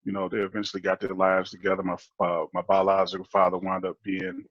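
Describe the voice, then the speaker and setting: A man from Detroit, a guest on a show, telling his family story in a relaxed, rambling way with fillers and restarts. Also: sits low, fast talker, dry recording, dull audio. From Detroit, Michigan, USA. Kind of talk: casual storytelling.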